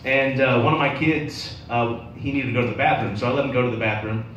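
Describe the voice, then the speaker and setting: Rambling young stand-up in a roomy bar. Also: male voice, mid-range voice, quick pace, a bit bright, muffled recording, slight background noise. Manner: rambling storytelling with many fillers. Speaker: stand-up comedian. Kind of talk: open-mic stand-up set. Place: bar open mic night. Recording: roomy bar sound from a distance.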